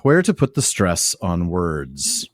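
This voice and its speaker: A man's voice: deep voice, huge pitch swings, takes it slowly, no room sound, studio quality. A man co-hosting a podcast, reading passages aloud and breaking them down in casual discussion. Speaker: podcast co-host.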